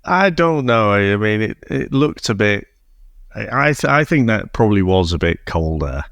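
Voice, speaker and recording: Low-voiced man, wry and rambling. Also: animated, normal speed, creaky, a bit bright, no echo. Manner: wry, rambling, hesitant restarts. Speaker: podcast co-host. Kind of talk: casual film review chat.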